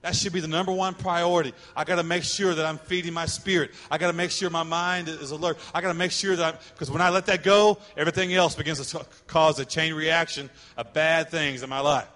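A middle-aged man preaches with a high, bright voice, animated and acting out little scenes. His words ring out with a long reverb in a church hall. The delivery is casual and direct. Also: brisk, hardly any pauses. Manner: animated, acts out quoted voices. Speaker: pastor. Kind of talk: sermon.

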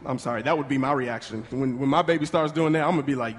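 A man preaching a lively call-and-response sermon in a church. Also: on the high side, normal speed, in a large hall.

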